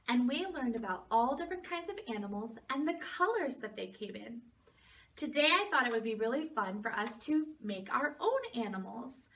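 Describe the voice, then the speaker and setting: A woman's voice: a little high, fairly bright tone, breathy edge. A woman teaching preschool, reading a picture book aloud and guiding young children through a lesson in an encouraging voice. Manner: slow, sing-song and encouraging, speaking to young children.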